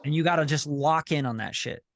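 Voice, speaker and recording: A sync licensing coach and group leader speaks a little high and a little fast while coaching a member over video call. He's blunt, swears and repeats himself, frequently asking "you know what I'm saying".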